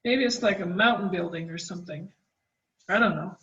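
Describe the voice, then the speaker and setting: A woman art teacher talking children through a drawing, gentle and encouraging as she draws. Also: on the low side, a little fast, distant mic. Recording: dull, roomy, from the mic.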